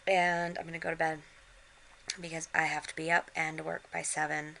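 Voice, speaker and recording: A middle-aged woman with a low yet bright, sharp-edged voice talks casually into a handheld camera while lying in bed. She sounds drained and unwell, and her words come out weary. A faint hiss sits under the recording. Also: level tone, fairly quick, creaky, rough recording. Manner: tired, drained, talking from bed. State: unwell and worn out. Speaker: vlogger. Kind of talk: casual vlog chat. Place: bedroom, in bed.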